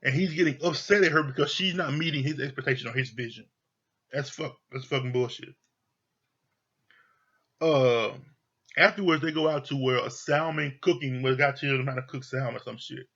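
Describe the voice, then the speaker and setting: A man's voice: mid-range voice, moderate pace, a bit bright, dull audio. A man giving a heated, profane rant reviewing a reality TV show, exasperated and repeating his points for emphasis.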